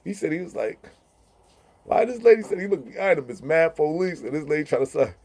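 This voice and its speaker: A man's voice: a little high, fast talker, breathy edge. Laughing man telling prison stories. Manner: animated, laughing, mimics others' voices in quotes. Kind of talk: casual storytelling.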